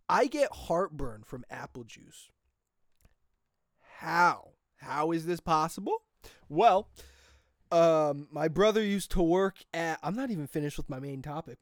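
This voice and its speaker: Young American vlogger, rambling casual monologue, laughs a lot, medium pitch, dry sound. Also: dry recording. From United States. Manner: rambling, laughs often, drifts off topic.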